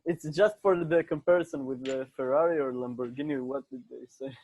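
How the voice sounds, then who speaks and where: A man's voice: mid-range voice, fairly quick, a little mellow, no room sound, low-quality recording. A man from Israel with an Israeli accent, a native Hebrew speaker, chatting bluntly and crudely as a podcast guest. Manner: blunt, crude, laughs often. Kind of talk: casual podcast chat.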